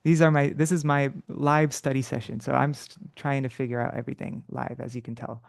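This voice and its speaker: A man leading an unprepared live study session, thinking aloud with halting restarts and self-corrections, now and then chanting verses slowly. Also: medium pitch, little pitch movement, vocal fry, dry recording, studio quality. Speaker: teacher of scripture study.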